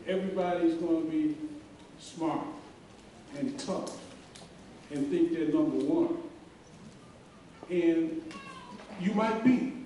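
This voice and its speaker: A middle-aged man giving a graduation speech in a large hall, telling a story earnestly with many pauses and fillers. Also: a little high, dark tone. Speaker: commencement speaker. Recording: very echoey hall, voice from far off, faint hiss.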